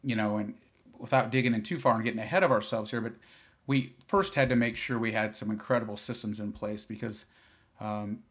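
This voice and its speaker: A man, a business founder from Iowa, talking as a podcast guest in a relaxed, rambling way with many fillers and restarts. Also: lowish voice, brisk. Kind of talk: podcast interview.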